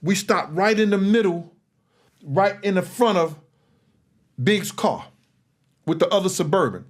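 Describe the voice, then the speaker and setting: Animated man telling a story. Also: measured pace. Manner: animated, acts out other people's lines with big jumps in pitch. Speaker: former bodyguard recounting events. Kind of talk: storytelling in an interview clip.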